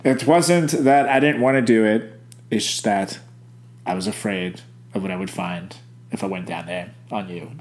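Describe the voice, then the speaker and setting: A man's voice: lowish voice, moderate pace, roomy sound. A young man co-hosting a casual chat, telling crude stories with lots of swearing. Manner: crude, animated storyteller, swears a lot.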